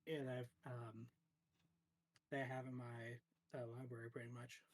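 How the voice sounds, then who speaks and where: A man's voice: mid-range voice, little pitch movement, normal speed. A man chatting casually as a streamer guest, rambling with lots of fillers, restarts and frequent laughter. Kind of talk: casual chat.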